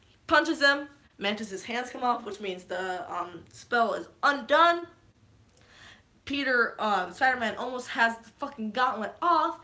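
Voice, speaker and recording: A woman casually recapping a movie's plot in a vlog, excitable, swearing freely and geeking out. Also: a little high, a little slow. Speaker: vlogger.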